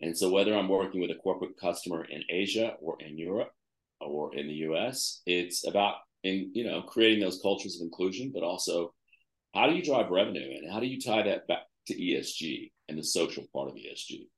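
A man's voice: low voice, fairly quick, echoey room. A man being interviewed as a guest author, talking conversationally and listing examples with fillers.

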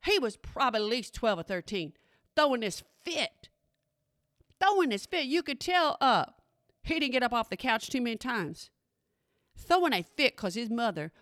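A middle-aged mother hosts a casual chat monologue, speaking sassily and emphatically straight to her listeners. Her voice is a little high and a bit bright, captured on a dry, clean studio recording.

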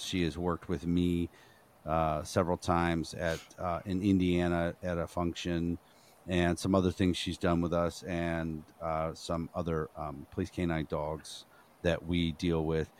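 A man hosting a podcast, rambling and halting, with plenty of swearing. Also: low-pitched, flat delivery. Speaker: podcast host. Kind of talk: casual podcast chat.

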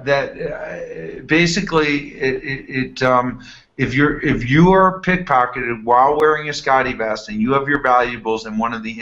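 Ceo guy on a podcast, relaxed, stops and restarts a lot, muffled lo-fi audio. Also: medium pitch. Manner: relaxed, halting, many fillers. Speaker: company CEO guest. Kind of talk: casual interview.

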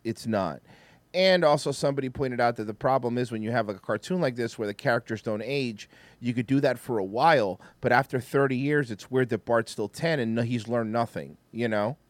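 A man in casual chat who gets animated, swears and acts out cartoon lines. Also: a little high, dry recording, clean studio sound.

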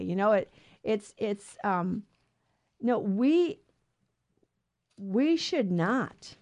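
A woman hosting a radio Bible show, teaching on scripture in an earnest, emphatic way with quick restarts. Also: medium pitch, no room sound.

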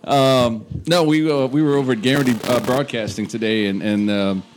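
A man's voice: medium pitch, steady tone, moderate pace, noisy background. A man hosting a casual comedy podcast, telling stories in a rambling way with speech. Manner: rambling storyteller with fillers and restarts. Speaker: podcast host.

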